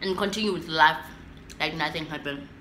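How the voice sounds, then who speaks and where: This is a young woman with a South African accent, talking casually to her camera at home. Her voice sounds bright and forward. She tells a story in an animated way, slipping between English and isiXhosa, while a faint background hum sits under the recording. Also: low-pitched, moderate pace, reverberant. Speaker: vlogger.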